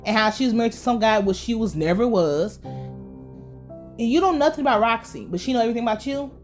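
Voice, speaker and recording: A woman with a fairly high, wildly swinging voice recaps a TV episode in a blunt, profane, casual way. Faint music plays underneath her. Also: lively intonation, fairly quick. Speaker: TV recap vlogger.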